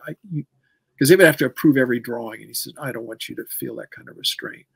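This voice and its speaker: Older man, gravelly husky voice, rambling storyteller, interview guest, dry close sound. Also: medium pitch, fast, fairly bright tone, no room sound, rough recording. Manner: rambling, repeats words when recounting. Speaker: comic artist guest.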